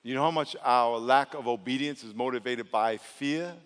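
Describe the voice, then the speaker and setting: A male pastor preaching an animated sermon in a church, calling on the congregation to answer back. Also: medium pitch, moderate pace, clean tone. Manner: animated, calls for congregation responses. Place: church sanctuary. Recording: long hall reverb.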